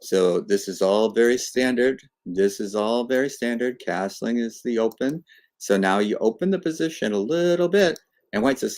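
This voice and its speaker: A man commenting live on a chess game with a lowish voice and lots of energy. He walks through the moves and voices both players' thinking as if they were chatting. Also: moderate pace. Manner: animated, acts out the players as if talking.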